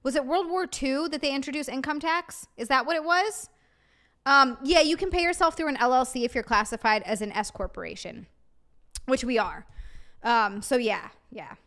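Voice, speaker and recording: A woman's voice: high-pitched, normal speed, fairly bright tone. A young woman live streaming, chatting casually with viewers, reading comments and ranting with exasperation. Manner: ranting, reads chat aloud and greets viewers.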